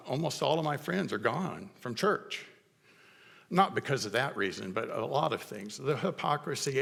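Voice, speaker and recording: Middle-aged male pastor, conversational sermon, gravelly tone, long church reverb. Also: mid-range voice, fairly bright tone. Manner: conversational storytelling with halting restarts. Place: church sanctuary.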